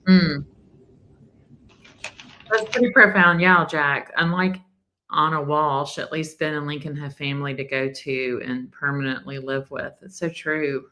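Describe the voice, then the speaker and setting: A woman's voice: sits low, fairly even intonation, unhurried, bright, forceful tone, poor audio. A woman with a Southern accent hosting a live stream, chatting casually as she reacts to a clip. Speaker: livestream host. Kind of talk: casual true-crime commentary.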